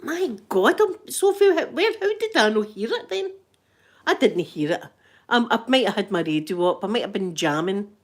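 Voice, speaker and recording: A woman's voice: mid-range voice, normal speed. Chatty Scottish woman telling stories. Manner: animated storyteller, laughs often. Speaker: vlogger and grandmother. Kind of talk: chatty ASMR vlog.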